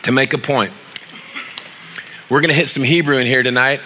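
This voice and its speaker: A middle-aged pastor preaches a sermon in church, telling stories with animated, acted-out quoted voices and reading scripture aloud with rising emphasis. His pitch is medium, his speed normal, and there's slight background noise.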